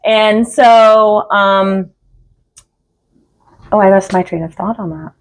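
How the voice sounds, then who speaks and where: A middle-aged woman guest talks in a loose, rambling way on a podcast. Her pitch sits in an ordinary middle range. She laughs easily between thoughts and sometimes loses where she was going. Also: slow. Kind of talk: casual chat.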